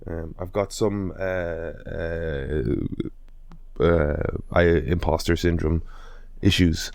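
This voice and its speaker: Very low-voiced Dublin man hosting a podcast. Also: steady tone, slow, gravelly, a little mellow, dry recording. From Dublin, Ireland. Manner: rambling, many fillers, self-deprecating. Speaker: podcast host. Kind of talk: casual podcast chat.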